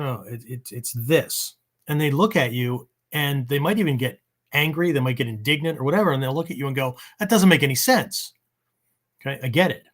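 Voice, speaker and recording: With a mid-range, fairly bright voice, the host of a training podcast talks in a loose, rambling monologue. He keeps tacking "right?" onto the end of many sentences to check in with listeners.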